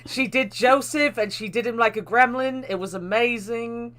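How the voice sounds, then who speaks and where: Bright-voiced playful woman streamer. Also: fairly high pitch, normal speed. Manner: playful, swears casually. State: sore throat after a long stream. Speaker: streamer and narrator. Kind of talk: reading a dating game aloud and casual stream chat.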